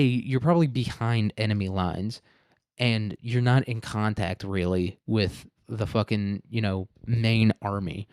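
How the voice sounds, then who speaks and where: A man's voice: medium pitch, darkish tone, dry recording. A man hosting a history podcast in a loose, profane, rambling monologue full of restarts and asides.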